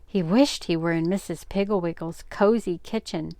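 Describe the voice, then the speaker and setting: An older woman reading a children's story aloud, gentle and expressive. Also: lowish voice, moderate pace, no room sound.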